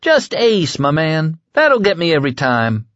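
A man's voice: a little high, wildly swooping pitch, a little slow, fairly bright tone, no echo, muffled recording, pitched above the performer's own voice, exaggerated voice. A man voicing an easygoing young man who laughs off a joke, read from an audiobook. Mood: amused.

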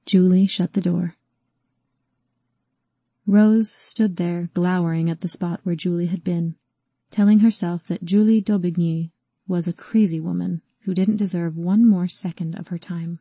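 A woman reading a novel aloud in an even, measured manner. Her voice is low-pitched, warm and a little husky. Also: no echo. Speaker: audiobook narrator. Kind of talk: scripted novel narration.

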